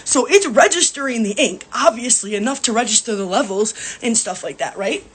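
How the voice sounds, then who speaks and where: A woman's voice: fairly high pitch, expressive, brisk, fairly bright tone, husky. A woman, a mother, ranting angrily and swearing while crying. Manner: angry, profane ranting. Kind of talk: ranting phone video.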